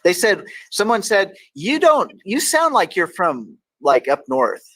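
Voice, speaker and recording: A man's voice: high-pitched, wildly swooping pitch, measured pace, fairly bright tone, no room sound, rough recording. A man from Texas hosting a casual talk show, reading daily quotes aloud with playful emphasis. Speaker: host.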